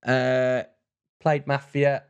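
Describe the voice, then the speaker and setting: A man's voice: medium pitch, monotone, drawn-out words, clear, resonant tone, muffled recording. A man co-hosting a casual podcast chat, telling a long story with frequent restarts and fillers. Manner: rambling storyteller, many restarts and "like"s. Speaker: podcast co-host.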